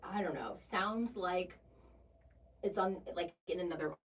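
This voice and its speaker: A woman's voice: on the low side, a little slow. A woman co-hosting a casual travel chat at home, chatty and teasing, with lots of fillers. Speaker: podcast co-host. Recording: distant mic with faint noise.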